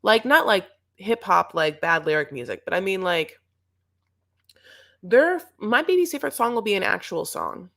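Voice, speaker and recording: A woman's voice: medium pitch, very animated, normal speed, gravelly, a bit bright. A young woman co-hosting a TV recap show, chatting casually in a sarcastic, rambling way. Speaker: co-host of a reality TV recap show. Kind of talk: casual chat.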